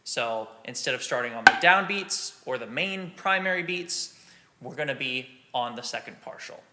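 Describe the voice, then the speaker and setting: Bright-voiced man teaching drums. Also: medium pitch, expressive, moderate pace. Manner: clear, patient explaining, counts beats aloud. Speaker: drum teacher. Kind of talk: instructional drum lesson.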